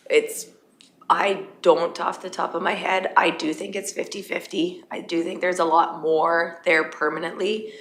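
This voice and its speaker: A woman from county administration presenting a budget at a council meeting, losing her voice and speaking in a halting, matter-of-fact way with fillers. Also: lowish voice, gravelly, fairly bright tone, slight background noise. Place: council chamber.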